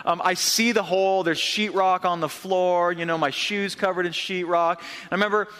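A young man gives a sermon in a church hall with long reverb. His voice sits high and sounds bright and forceful. He tells his story in a lively, conversational way. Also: normal speed, clear, resonant tone. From upstate New York. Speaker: pastor.

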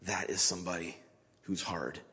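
Husky-voiced man preaching in a reverberant church. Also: low voice, little pitch movement, normal speed, bright, forceful tone. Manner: casual, conversational, plain-spoken. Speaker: guest speaker at a church. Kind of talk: informal sermon. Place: church sanctuary. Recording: long reverb of a large church hall.

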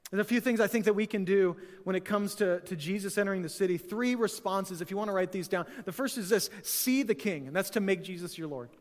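A man with a notably high voice preaching to his congregation in a loose, conversational way, often repeating himself and stumbling over words. He swings between bright, loud bursts and hushed, serious moments. His voice rings out in the long reverb of a church hall. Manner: conversational preaching with frequent fillers and repetitions; dynamic, swings from loud excited bursts to quiet earnest lows. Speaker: pastor. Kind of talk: sermon. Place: church sanctuary.

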